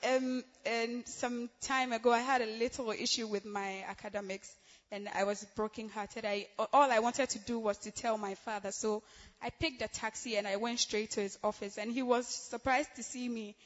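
A woman's voice: a little high, normal speed, muffled recording. Giggly young woman in an echoey hall. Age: young adult. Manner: giggly, excitable, laughs often between phrases. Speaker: church member giving testimony. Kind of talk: church testimony.

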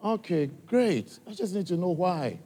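Male church speaker with an African accent, slightly high voice, direct and coaxing with the crowd, long hall reverb. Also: sing-song, unhurried, warm tone. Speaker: church speaker addressing a congregation. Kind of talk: live address to an audience.

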